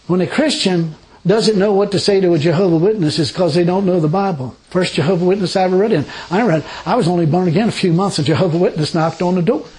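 A man's voice: high-pitched, fast talker, low-quality recording. A man preaching an informal sermon, telling personal stories in a folksy, rambling way. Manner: folksy, rambling, animated storytelling with laughs.

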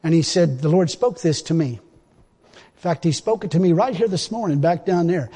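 A man preaching a sermon in a church, folksy and colloquial, swinging between loud exhortation and low confiding asides. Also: lively intonation, normal speed, slightly rough, big-room sound.

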